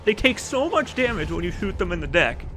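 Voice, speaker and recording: A man's voice: high-pitched, sing-song, a little fast, bright, forceful tone. A man commenting casually on his own speedrun video, joking, swearing and rambling, reading chat aloud, recorded as a desk-mic voice-over. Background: game music.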